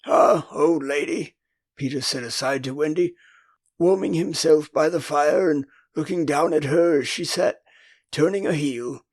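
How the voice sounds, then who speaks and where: An older man with an English accent narrating a classic children's story as an audiobook, in an expressive storytelling manner. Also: fairly high pitch, moderate pace. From England.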